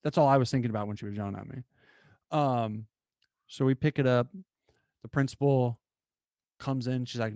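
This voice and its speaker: A man's voice: mid-range voice, normal speed, pauses often, no room sound. Young man telling a story. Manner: animated, lots of "like" fillers. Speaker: podcast host. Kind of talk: casual storytelling monologue.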